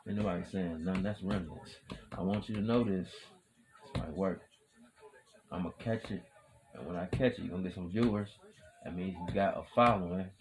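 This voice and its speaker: A man hosting his own podcast in a rambling, profane hype monologue, repeating chants and swinging from loud shouting to low mutters. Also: moderate pace, long pauses, background noise. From Wisconsin. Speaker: podcast host.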